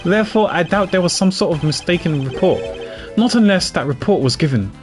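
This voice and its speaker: A man's voice: sits high, lively intonation, over music, voice pushed up. A man doing a cool, formal prosecutor. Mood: composed. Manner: measured, formal. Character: cool, composed male prosecutor.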